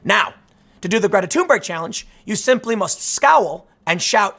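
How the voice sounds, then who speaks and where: A man's voice: sits high, expressive, moderate pace, vocal fry, bright, forceful tone. A man in his thirties hosting a casual commentary monologue, conversational and sarcastic, with lots of restarts and asides. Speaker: political commentary host.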